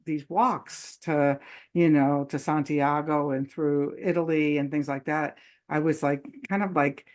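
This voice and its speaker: A woman's voice: low voice, fairly even intonation, a little slow, a little mellow. A woman hosting a casual live online chat, talking loosely with many fillers and frequent laughs. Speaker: host.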